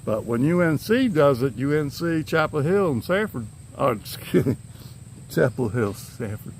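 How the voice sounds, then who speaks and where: A man's voice: fairly high pitch, very animated, normal speed, slight background noise. An older man, vlogging casually to his phone camera outdoors in his yard. He rambles in an easygoing way and chuckles often. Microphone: handheld phone camera.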